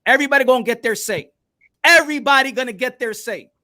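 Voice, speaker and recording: A man hosting a live online boxing show, pressing his point in a heated panel debate and repeating himself to calm the others down. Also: very high-pitched, fast.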